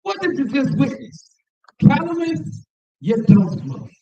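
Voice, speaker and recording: Leading a Bible class, a man reads passages aloud, comments on them and has the class repeat after him in call-and-response. His very high voice is sing-song, slow, gravelly and warm, captured in a roomy, distant, dull recording.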